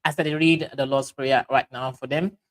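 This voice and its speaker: A man's voice: mid-range voice, fairly even intonation, rough recording. Sierra Leonean man hosting a livestream. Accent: Sierra Leonean Krio. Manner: halting, many fillers and restarts, mixes Krio and English. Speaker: livestream host. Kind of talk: casual livestream talk, reading viewer comments.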